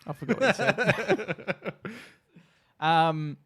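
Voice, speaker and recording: A man's voice: sits high, expressive, extremely slow, fairly bright tone, breathy edge, no echo. Australian man, podcast co-host, teasing banter, dry close sound, frequent laughs. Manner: playful, teasing, laughs often. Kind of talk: casual chat.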